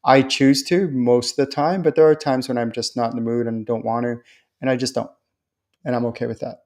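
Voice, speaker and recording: A man hosting a live stream on spiritual topics, talking in a chatty, reassuring way and acting out quoted voices with lively jumps. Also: mid-range voice, brisk. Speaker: host and spiritual channeler. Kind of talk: live-stream talk answering viewer questions.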